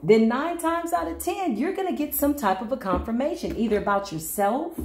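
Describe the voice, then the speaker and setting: A woman's voice: a little high, darkish tone. Woman, tarot reader, playful, teasing, sing-song, echoey room. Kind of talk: channeled tarot reading for viewers.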